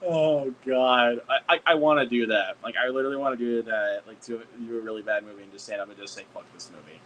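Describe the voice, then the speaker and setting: A man streaming a casual hangout chat, excitable, swearing a lot and laughing often. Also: mid-range voice, fast, slight background noise, low-quality recording.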